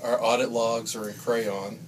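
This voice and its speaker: A man delivering dry, deadpan roast jokes about a coworker. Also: medium pitch, measured pace, heavy background noise. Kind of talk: joking roast.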